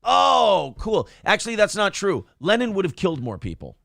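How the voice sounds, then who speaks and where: Animated, profane talk-show host. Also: male voice, high-pitched, quick pace, no echo, clean studio sound. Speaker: podcast host. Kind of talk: casual talk show banter.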